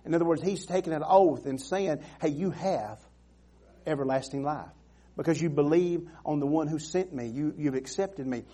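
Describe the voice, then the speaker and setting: Husky, mellow-voiced male preacher. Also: a little high, normal speed. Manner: earnest, emphatic preaching with repetitions and restarts. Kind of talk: sermon.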